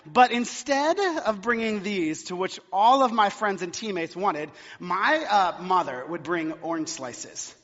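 A man's voice: sits high, animated, unhurried, hardly any pauses, fairly bright tone. A man preaching a sermon in a church, telling stories in a chatty, filler-heavy way. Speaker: pastor. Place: church sanctuary. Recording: long reverb, dull lo-fi sound.

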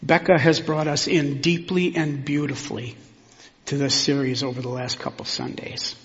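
A man, a pastor preaching a sermon in a church sanctuary, in a measured, reflective way with pauses. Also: medium pitch, fairly even intonation. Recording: long hall reverb, dull sound.

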